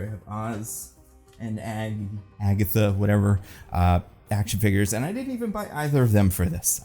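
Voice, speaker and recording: A man's voice: on the low side, mellow. A man hosting a casual review vlog, talking in a rambling, enthusiastic way with lots of fillers. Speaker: film and TV critic host.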